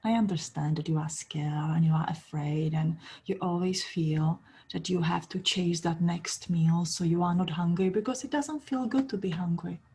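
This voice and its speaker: A woman voicing a calm, kind little girl in a red hood in a storybook retelling, speaking gently and soothingly. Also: lowish voice, moderate pace, hardly any pauses, slightly rough. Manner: gentle, soothing, sometimes whispered.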